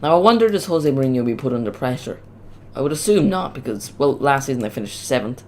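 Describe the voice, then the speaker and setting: A man commentating live on a football match as a streamer, chatty and rambling, getting loud on big moments, with his voice cracking. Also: medium pitch, fast. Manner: chatty, rambling, excitable on goals. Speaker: watch-along streamer.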